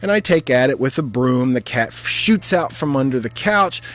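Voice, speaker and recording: A man recounts a true personal story in a wry, conversational voice. His pitch sits in the middle range, and his telling is vivid and detailed. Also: lively intonation, normal speed, fairly bright tone.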